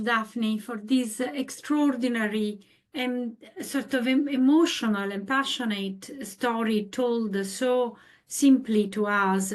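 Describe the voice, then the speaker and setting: A woman hosts a webinar over a video call, with a mid-range voice. She thanks speakers and hands over the floor in a measured, gracious way, with a few ums. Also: mid-range voice. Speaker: webinar host, charity CEO. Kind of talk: hosting a webinar.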